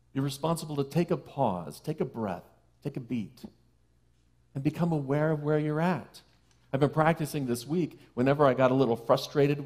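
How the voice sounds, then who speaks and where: A man preaching a sermon to a congregation in a conversational way, with playful asides, who slows and softens for key phrases. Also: mid-range voice. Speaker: minister. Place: church sanctuary.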